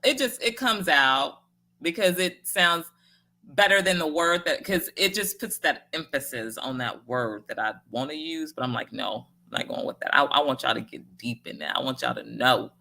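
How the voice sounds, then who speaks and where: A woman's voice: deep voice, lively intonation, moderate pace, vocal fry, bright, forceful tone. A woman hosting a casual livestream, chatting with viewers and answering their comments in a folksy, encouraging way with frequent laughter. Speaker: livestream host.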